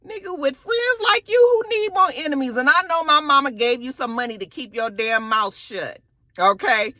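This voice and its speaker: A woman voicing an angry young man scolding a disloyal friend, loud and scornful. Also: sits high, expressive, moderate pace, no echo, clean studio sound, pitched above the performer's own voice.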